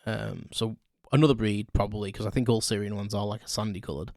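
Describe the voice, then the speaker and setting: A man's voice: lowish voice, steady tone, quick pace, creaky, a little mellow, no room sound, studio quality. A man hosting a solo podcast, telling childhood stories in a rambling, self-correcting way with chuckles. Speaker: podcast host. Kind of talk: casual solo storytelling.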